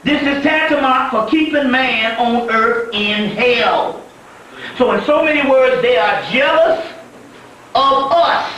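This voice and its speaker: A male spiritual teacher delivers a profane, emphatic storytelling lecture and breaks into laughter often. His voice sits very high for a man. It is captured from a distance in a heavily echoing room, with a light hiss of noise underneath. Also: takes it slowly, sharp tone. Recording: echoey room from far off, faint noise.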